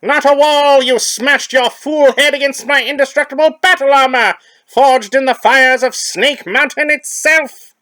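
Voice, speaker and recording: A man voicing a boastful, menacing skeleton villain from a comic in a high, shrill, nasal snarl. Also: steady tone, measured pace, sharp tone, full character voice. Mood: gloating. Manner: theatrical, gloating.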